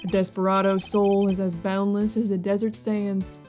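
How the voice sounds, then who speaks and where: A relaxed cowboy lawman drawls his way through a courtroom, as a woman puts him on. The voice sits at a middling pitch with light game music underneath. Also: normal speed, natural voice. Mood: drawling. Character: drawling laid-back cowboy detective man. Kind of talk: voicing game dialogue.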